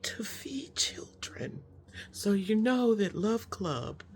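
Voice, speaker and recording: A woman talks to her viewers in a heartfelt vlog chat, unhurried and drawn out, with plenty of ums along the way. Her pitch sits in a mid range for a woman. A faint hum of background noise lies under the recording. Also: big pitch swings. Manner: slow, effusive and emotional, with many fillers. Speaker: host.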